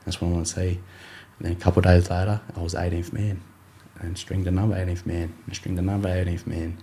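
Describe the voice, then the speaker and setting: A man's voice: sits low, little pitch movement, fast, warm tone, slight background noise. A young Australian man, a rugby league player, telling his story in a casual interview, rambling with many fillers and acting out his coach's words.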